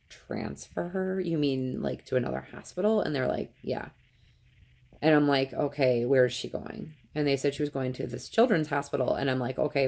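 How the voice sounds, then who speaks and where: Woman telling her story, gravelly voice. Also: a bass voice, dark tone. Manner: earnest, emotional retelling with acted quotes. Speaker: vlogger, mother. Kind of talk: personal story told to camera.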